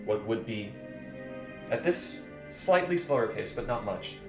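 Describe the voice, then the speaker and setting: A man's voice: lowish voice, animated, a little slow. A man narrating a tabletop game as game master, describing scenes with many fillers. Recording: roomy with music behind.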